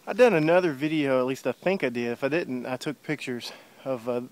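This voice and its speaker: A man's voice: medium pitch, brisk. A man filming himself while hiking outdoors on a wooded trail, talking casually with lots of uh and um, a little out of breath. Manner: rambling, many fillers like uh and um. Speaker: hiker filming his trip. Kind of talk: casual walking vlog. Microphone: handheld camera while walking.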